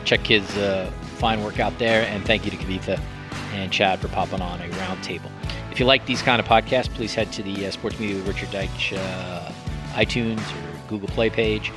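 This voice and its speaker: A man's voice: lowish voice, steady tone, normal speed, over music. A man hosting a podcast in casual chat, joking and self-deprecating with frequent restarts. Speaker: podcast host.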